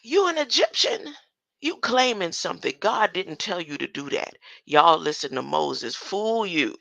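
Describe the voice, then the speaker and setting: Older speaker, solo rambling talk, slow and gravelly, bright edge, reads verses and argues back. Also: mid-range voice, sing-song, no echo. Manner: laughs often and keeps asking "huh?"; reads verses aloud then argues with them. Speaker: self-styled scripture commentator.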